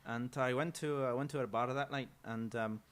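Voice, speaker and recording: An English-accented man chats as a guest on a talk show. He sounds loose and playful and often pauses with little fillers. His voice sits at an ordinary middle pitch. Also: fairly even intonation, a bit bright. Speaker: studio guest. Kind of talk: casual talk-show chat.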